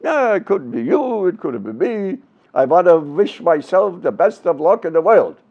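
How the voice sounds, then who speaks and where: A brash, self-centered stand-up comic put on by a man in his nineties, firing off quick wisecracks in a gravelly, slightly high voice. The recording sounds dull and lo-fi. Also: sing-song, exaggerated voice. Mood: cocky. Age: 90s.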